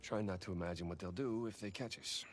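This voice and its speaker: A man's voice: low-pitched, fast, a little hiss or hum, close to an everyday voice. An actor playing a nervous older male thief. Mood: worried. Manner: nervous, dry. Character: worried older male thief, anxious brother.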